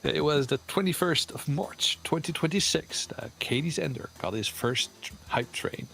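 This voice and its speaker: A man's voice: fairly high pitch, expressive, moderate pace, vocal fry, a bit bright. A man chatting casually on a stream, laughing often and fumbling for words.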